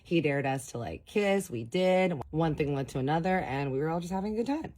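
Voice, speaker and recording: Woman, low deep voice, chatty storytime vlogger talking to her viewers. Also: lively intonation, brisk, a little mellow. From Dallas, Texas. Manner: chatty, addresses viewers directly. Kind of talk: casual storytime vlog.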